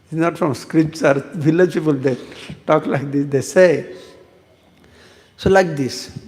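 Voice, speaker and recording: Man, monk, scripture class lecture, storytelling, chanted verses, somewhat high voice, long hall reverb. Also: measured pace, darkish tone. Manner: storytelling, asks the audience questions, chants verses. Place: temple hall.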